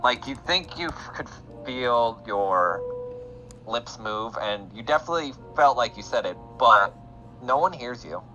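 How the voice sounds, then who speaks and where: A man's voice: medium pitch, animated, measured pace, pushed and bright, lo-fi sound. A man narrating a tabletop game as the game master, describing scenes and laughing often. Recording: background music under voice. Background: music.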